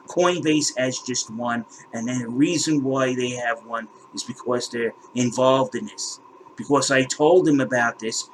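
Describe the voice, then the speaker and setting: Over a noisy background, a crypto channel host with a mid-range voice rants in indignation and exasperation. He swears and repeats words while walking viewers through his screen.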